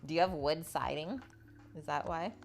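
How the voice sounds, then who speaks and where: Soft music plays as a woman with a low, gravelly voice runs a live cooking demonstration at home, moving at a moderate pace. Between steps, she reads viewer comments aloud and chats back.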